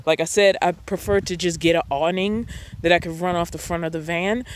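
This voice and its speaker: Woman chatting at her van campsite, lots of ums, kinda rambly, loud background noise outside. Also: lowish voice, fairly even intonation, a little fast. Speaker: van-dwelling vlogger. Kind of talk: casual chat. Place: outdoor desert campsite beside a van.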